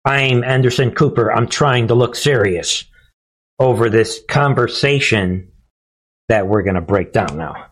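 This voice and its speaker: A mock-serious male TV anchor, put on by a man, who drops his voice and slows down. He speaks with an exaggerated, solemn gravity. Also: mid-range voice, breathy edge, voice pushed down.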